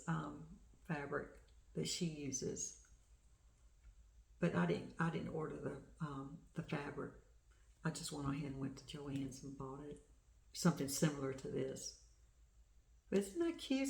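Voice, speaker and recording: Chatty middle-aged woman vlogger, somewhat low gravelly voice, echoey home room. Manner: chatty storyteller, excited. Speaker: flosstube host. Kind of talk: casual crafting vlog chat.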